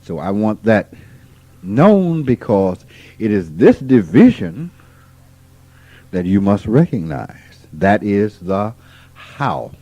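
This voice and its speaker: A man in his fifties with a low voice teaches in a slow, unhurried way. His pitch rises and falls a lot as he poses questions and answers them himself. The sound is dull, as on old archival tape. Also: very animated, warm tone, no echo. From Mississippi, USA. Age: 50s. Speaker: spiritual teacher. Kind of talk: informal spiritual talk to a small group.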